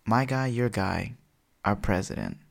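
A young man co-hosting a podcast, telling jokey stories in an animated, casual way. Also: lowish voice, unhurried, gravelly. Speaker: podcast co-host. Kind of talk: casual chat.

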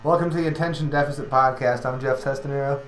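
A man from Connecticut co-hosting a podcast in casual comedic chat, animated and playful, with bursts of loud exclamation. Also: medium pitch, fast talker, roomy sound, over music. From Connecticut, USA. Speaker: podcast co-host.

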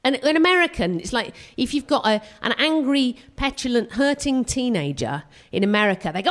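A British woman performing live stand-up comedy at a venue, animated and self-mocking, jumping her voice up for punchlines. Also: fairly high pitch. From Britain. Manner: animated and self-mocking, with quick vocal jumps.

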